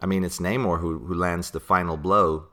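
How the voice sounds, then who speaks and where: Deep-voiced male podcast host, casual and chatty, laughs often. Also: steady tone, moderate pace, fairly bright tone. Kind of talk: casual chat about comics.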